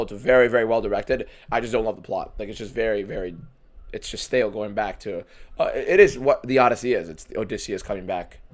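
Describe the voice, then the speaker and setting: A man streaming a fight watchalong, giving casual, profane live commentary that swings from shouting to muttering. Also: mid-range voice.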